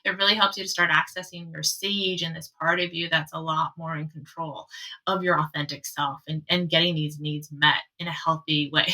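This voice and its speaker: Bright-voiced woman, love coach guest. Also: deep voice, moderate pace, far from the mic, poor audio. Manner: animated, laughs often, acts out inner thoughts. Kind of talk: casual podcast conversation.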